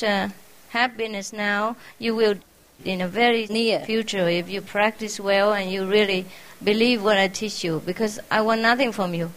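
A woman with a mid-range voice, captured in a rough recording, gives an informal farewell talk to her followers as a spiritual teacher. Her English is simple and not her first language, and she laughs often in a warm, teasing way.

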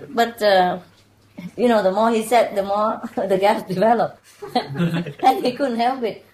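A woman's voice: medium pitch, darkish tone, low-quality recording. Woman chuckling through her jokes. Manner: loose, halting delivery with restarts. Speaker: joke teller among friends. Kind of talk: casual joke telling.

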